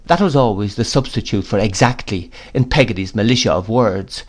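A man narrating an audiobook of a classic novel in a measured, expressive storytelling manner. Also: on the low side. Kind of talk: audiobook reading.

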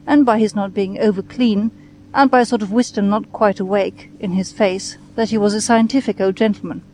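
A woman reading a classic story aloud, measured and expressive. Her voice is mid-pitched, with a faint hiss behind it. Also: rough recording. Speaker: reader.

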